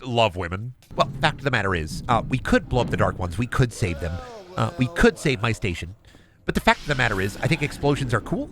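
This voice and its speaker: Young male streamer, lively pitch, bright voice, rambling fast goofy chat, faint hiss behind. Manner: fast, rambling and goofy, often loud and high when joking. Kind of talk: casual gaming stream chat.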